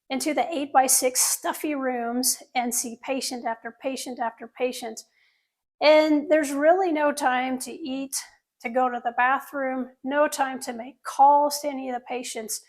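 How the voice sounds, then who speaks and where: Surgeon, female, middle-aged; high voice, earnest first-person storytelling with audience asides. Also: steady tone, a little slow. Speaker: plastic surgeon telling her story.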